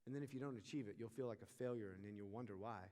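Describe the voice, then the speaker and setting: A young man preaching a sermon to a student group, animated and asking the audience questions. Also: on the low side, rapid-fire. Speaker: youth pastor. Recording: long reverb of a large hall.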